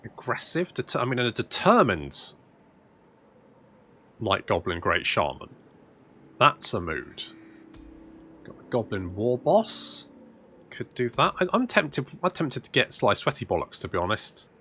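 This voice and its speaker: A man's voice: medium pitch, sing-song, measured pace, pauses often, sharp tone, slight background noise. A man commentating on his own strategy game play, rambling, swearing and thinking aloud. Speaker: let's play host. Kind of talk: gameplay commentary.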